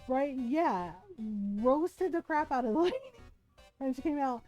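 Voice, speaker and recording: Over soft background music, a high-voiced woman streamer recounts something that happened to her at an unhurried pace. She retells it with animation, performing the people she quotes and leaning heavily on fillers like "right?" and "like."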